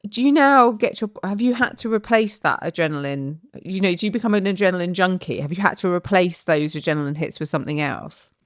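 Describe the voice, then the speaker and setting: A woman with a very low voice, co-hosting a podcast. She asks her questions in a thoughtful, casual way, and the sound is dry. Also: lively intonation, brisk, no room sound. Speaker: podcast co-host.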